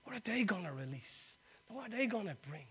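A man, preaching a sermon that swings from loud exhortation to quiet, intimate appeal. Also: high-pitched, very animated, brisk, breathy edge.

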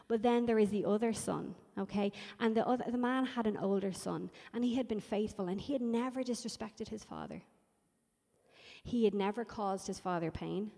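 Brief: a woman preacher, mellow and conversational, recorded in a reverberant hall. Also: mid-range voice. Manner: conversational, animated storytelling. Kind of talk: sermon.

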